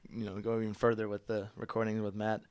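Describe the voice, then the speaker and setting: A man in a band, a guest on a podcast, telling stories in a relaxed, casual way. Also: lowish voice, fast talker, smooth, no echo.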